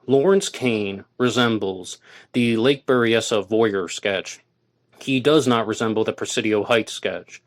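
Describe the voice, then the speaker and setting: A man's voice: fairly low pitch, measured pace. Man hosting a solo podcast. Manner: argumentative, reads quotes aloud and rebuts them. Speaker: podcast host.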